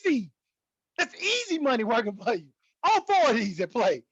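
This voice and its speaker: Excitable high-voiced man hyping trading. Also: moderate pace, slightly rough, no room sound, muffled recording. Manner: excitable, repetitive, hypes the viewer. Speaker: trading educator. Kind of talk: casual teaching talk to camera.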